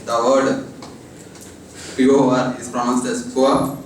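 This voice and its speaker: A man's voice: medium pitch, little pitch movement, slow pace, a little hiss or hum. A young man presenting in class, spelling words letter by letter, stumbling and correcting himself. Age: young adult. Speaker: student presenter. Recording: very echoey classroom from far off.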